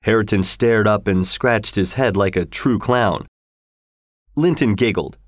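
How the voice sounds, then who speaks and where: A man narrating a story in a steady, measured way. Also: lowish voice, no echo, studio quality. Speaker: audiobook narrator.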